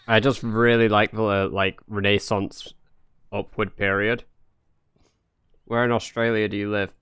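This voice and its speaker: A man's voice: on the low side, little pitch movement, measured pace, fairly bright tone, clean tone, dry recording. A young English man chatting casually on a live stream, rambling and joking with lots of fillers. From England. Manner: rambling, jokey, many fillers. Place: home in Norway.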